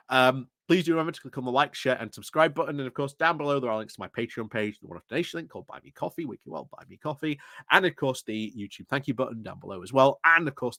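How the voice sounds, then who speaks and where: A chatty man delivering casual news commentary with a wry, amused edge. His voice sits a little high for a man. The sound is close and dry. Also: fairly bright tone, no echo. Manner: chatty, wry, laughs often. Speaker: YouTube political commentator.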